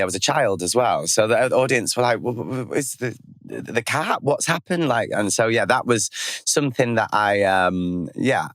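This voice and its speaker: A young man from England talks as a guest in a podcast interview. His voice sits low, and his stories come out lively and full of laughter. The sound is dry and close, as on a podcast studio mic. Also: dry recording. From England (Blackpool). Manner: lively storyteller, laughs often. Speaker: guest actor. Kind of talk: casual interview chat.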